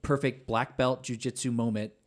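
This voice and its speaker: A man hosting a podcast, calmly giving practical tips to listeners. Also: medium pitch. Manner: measured, gives calm practical tips. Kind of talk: conversational podcast interview.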